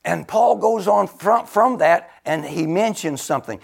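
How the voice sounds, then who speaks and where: A man in his seventies preaches a sermon in a high, expressive, gravelly, slightly rough voice at an unhurried pace. He exclaims loudly, laughs between phrases, and drops to a near whisper for emphasis.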